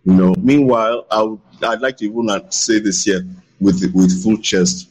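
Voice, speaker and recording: A man's voice: on the low side, moderate pace, darkish tone, rough recording. A man, a guest in an interview, talking emphatically and repeating his points for stress. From Nigeria. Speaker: voice acting guest. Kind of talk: conversational interview.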